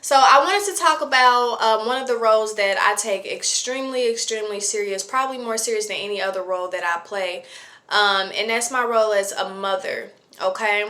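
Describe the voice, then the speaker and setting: A woman's voice: medium pitch, brisk, pushed and bright. A woman in her late twenties talking casually to camera about parenting, chatty and reflective, with lots of fillers. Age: 20s. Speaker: vlogger.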